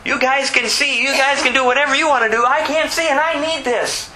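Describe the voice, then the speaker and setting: Desperate blind beggar man, shouting high and urgent, played by a preacher. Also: lively intonation, fairly quick, heavily acted, poor audio. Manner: pleading, shouting, insistent.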